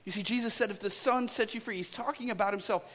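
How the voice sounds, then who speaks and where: A man's voice: high voice, quick pace, a bit bright. A man preaching a sermon as pastor, talking in a casual, storytelling way and often checking in with "right?". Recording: long hall reverb.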